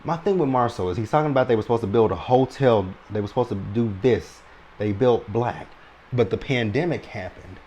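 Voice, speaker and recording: A man's voice: mid-range voice, brisk, warm tone, muffled recording, slight background noise. A man giving a casual, long-winded recap of a reality show, who keeps checking in with his listeners by asking "right?".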